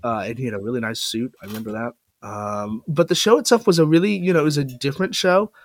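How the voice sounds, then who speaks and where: A man's voice: mid-range voice, fast. A young man hosting a casual podcast chat, rambling with many fillers and restarts. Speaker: podcast host.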